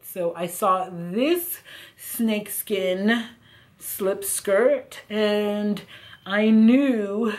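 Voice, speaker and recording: A woman vlogging a casual clothing try-on haul, chatty and full of fillers, her voice a little hoarse and croaky. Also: mid-range voice. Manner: chatty, lots of fillers like "you know" and "like". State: slightly hoarse, croaky throat. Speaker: fashion vlogger.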